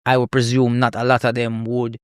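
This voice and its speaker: Laughing, animated Jamaican man. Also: medium pitch, fairly quick, clear, resonant tone, no room sound, studio quality. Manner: animated storyteller, laughs a lot, repeats "you know what I mean". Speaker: guest comedian. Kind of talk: podcast conversation.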